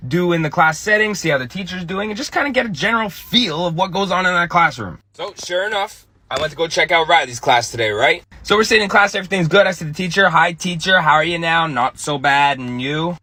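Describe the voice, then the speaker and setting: A man with a husky, bright voice tells a casual story, his pitch bouncing high and low. He sounds lively and pokes fun at himself as a parent. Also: quick pace, hardly any pauses, dry recording. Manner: lively, self-mocking storyteller.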